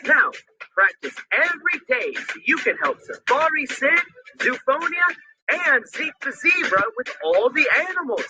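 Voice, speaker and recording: A man's voice: extremely high pitch, sing-song, normal speed, pushed and bright, full character voice, rough recording. A man playing a cheerful young safari guide, singing and talking through a children's phonics song over music. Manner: bouncy, enthusiastic kids' song delivery.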